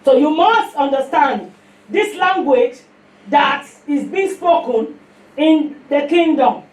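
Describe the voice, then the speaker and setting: A woman's voice: sits high, slow pace. A woman with a Nigerian accent preaching a sermon, telling stories animatedly and calling for responses from her listeners. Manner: animated storytelling with call-and-response. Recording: echoey room, far from mic, faint noise.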